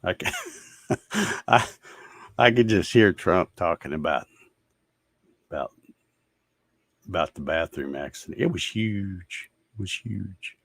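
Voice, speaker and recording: Man hosting a casual stream, sarcastic ranting tone, fairly low voice, dry close recording. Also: gravelly, no room sound. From Georgia, USA. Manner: ranting, fed-up, sarcastic, laughs at comments. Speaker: show host reading viewer comments. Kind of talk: casual livestream chat.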